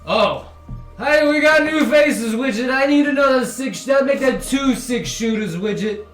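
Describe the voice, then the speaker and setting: A man doing a loud boastful hippo barfly. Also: very high-pitched, measured pace, distant mic, voice pushed up. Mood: boisterous. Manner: loud and swaggering. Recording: echoey room with music behind.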